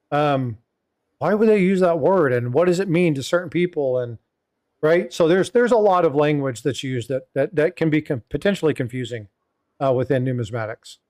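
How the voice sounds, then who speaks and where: Middle-aged male stream host, slightly high voice, loose and chatty, heavy on filler words. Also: a little mellow. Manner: rambling, filler-heavy, reads viewer chat aloud. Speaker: livestream host. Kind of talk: casual panel chat.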